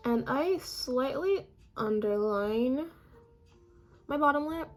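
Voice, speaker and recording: Hoarse young woman, gravelly makeup chat. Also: high voice, expressive, takes it slowly, faint music behind. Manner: chatty, self-deprecating, talks while applying makeup. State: hoarse, losing her voice. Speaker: makeup vlogger. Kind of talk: casual makeup tutorial chat.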